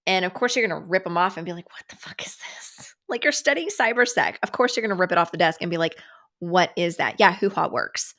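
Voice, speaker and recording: A middle-aged woman hosting a casual livestream, sarcastic and animated, swearing freely and dropping to whispers for asides. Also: fairly low pitch. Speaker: livestream host. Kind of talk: casual chat.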